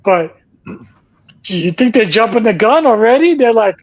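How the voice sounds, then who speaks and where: A man's voice: high voice, lively intonation, normal speed, dull audio. A man hosting a casual chat, telling stories in a rambling way with many restarts. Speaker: podcast host.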